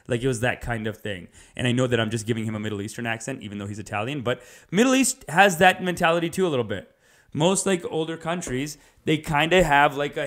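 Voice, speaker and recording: A male comedian talks through a loose comedic monologue, hopping from point to point with animated, casual energy. His voice sits at an ordinary middle pitch, and he swears offhandedly as he riffs. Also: a little fast. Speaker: stand-up comedian.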